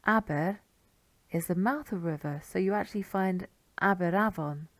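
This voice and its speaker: A woman teaching pronunciation, saying each sound slowly and repeating it with care. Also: lowish voice, no room sound. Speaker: language teacher. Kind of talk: pronunciation lesson.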